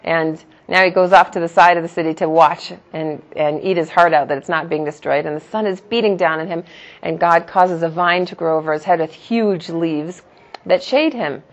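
Animated woman teaching a lesson. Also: on the low side, moderate pace, lo-fi sound. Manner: animated, emphatic, rhetorical questions. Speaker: religious teacher. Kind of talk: spoken lesson.

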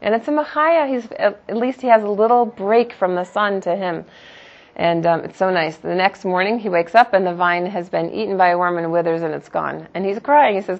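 A woman religious teacher giving a spoken lesson in an animated, emphatic way, asking her listeners rhetorical questions. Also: mid-range voice, moderate pace, muffled recording.

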